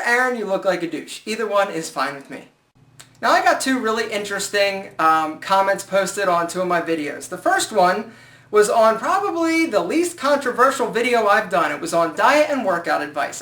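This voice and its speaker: A man giving casual style advice in a joking, sarcastic vlog. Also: high voice. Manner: joking, sarcastic, animated asides. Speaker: style vlogger. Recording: echoey room.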